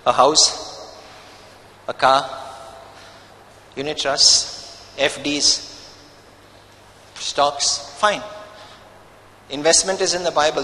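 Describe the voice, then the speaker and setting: A man's voice: on the high side, sharp tone, long reverb tail, a little hiss or hum, poor audio. A man preaching a sermon as pastor, emphatic and full of rhetorical questions.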